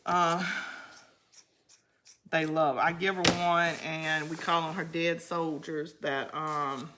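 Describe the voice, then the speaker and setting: Over a noisy background, a middle-aged crafting host speaks slowly in a low-pitched, flat voice. She chats and rambles through the video, laughing frequently and sometimes counting softly under her breath.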